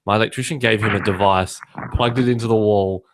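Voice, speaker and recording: A man with a fairly low voice co-hosts a podcast, chatting loosely and joking as he tells stories. He leans on fillers like "um" and "you know" as he goes. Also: steady tone, a little fast. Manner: chatty, jokey storyteller with frequent fillers. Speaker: podcast co-host. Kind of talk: casual chat. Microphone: remote call, some echo.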